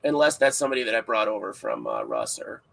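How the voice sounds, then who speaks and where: A man's voice: on the low side, wildly swooping pitch, quick pace, gravelly, a bit bright, rough recording. A man hosting a casual livestream podcast, rambling and joking with frequent laughs, sounding tired. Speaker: podcast host.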